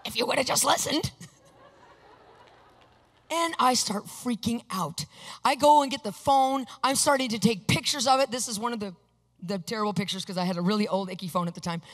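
A woman preaching from the pulpit, acting out her own story with lively energy. Her voice sits a little high and rings with long reverb from a large hall. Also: a little fast. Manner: animated, acts out her own reactions. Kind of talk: sermon telling a personal story.

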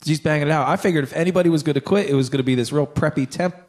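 A young podcast co-host with a voice on the high side, a little mellow, talks very fast. In casual chat he tells a long, rambling story, swears freely, and acts out what people said.

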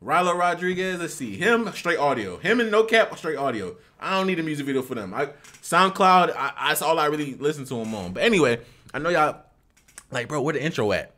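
A young man hosting a reaction video, talking loudly and excitedly in casual slang. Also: on the high side, brisk. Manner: loud, excitable slangy talk.

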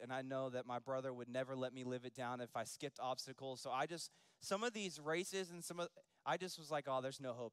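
A man preaching a sermon, moving from quiet storytelling to loud, rising preaching. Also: medium pitch, clear, resonant tone, no echo. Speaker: pastor.

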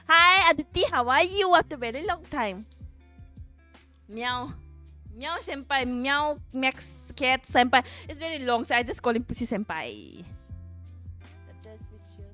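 A woman's voice: a little high, fairly bright tone. A young woman with an Indian accent, casually chatting and joking with her livestream viewers. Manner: playful, giggly, greets chat viewers. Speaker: livestream host. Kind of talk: casual stream chat.

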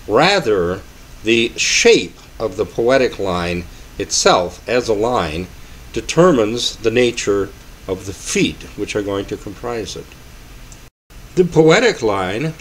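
A man giving a measured, explanatory spoken lecture on poetry and music. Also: mid-range voice. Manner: measured, explanatory, slows to scan quoted verse.

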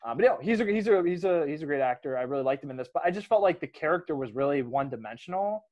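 A man talking movies in an easygoing, chatty way. He gets animated, laughs often and restarts his sentences as he goes. His voice sits a bit higher than most men's. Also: racing, dull audio. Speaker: podcast host. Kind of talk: casual movie discussion.

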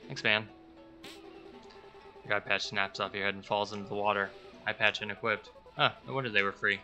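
A man's voice: fairly low pitch, steady tone, brisk, sharp tone, faint music behind. A man hosting a let's play, casually reacting and reading game text aloud. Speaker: gaming channel host.

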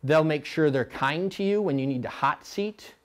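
A middle-aged rowing coach runs a clinic for coxswains at a moderate pace, blunt and animated. Now and then he mimics rowers in a high voice.

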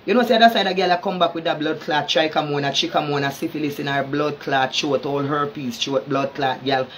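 A man's voice: a little high, fairly even intonation, fairly quick, fairly bright tone, slight background noise. A man with a Jamaican accent in an angry, confrontational social media rant, cursing constantly and tripping over repeated words. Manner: cursing heavily, stammering repeats; heated, confrontational.

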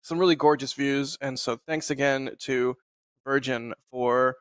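A man hosting a casual live stream, talking in a relaxed, rambling way with frequent laughs over a video call. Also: mid-range voice, unhurried, smooth, no echo, studio quality. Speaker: host.

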